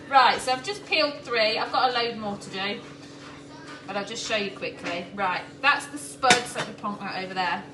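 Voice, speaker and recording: A woman's voice: medium pitch, recorded from a distance, background noise. A woman chatting to live viewers while cooking at home, laughing often. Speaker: cooking vlogger. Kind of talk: live-stream cooking chat. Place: home kitchen. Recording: echoey kitchen, clattering pots.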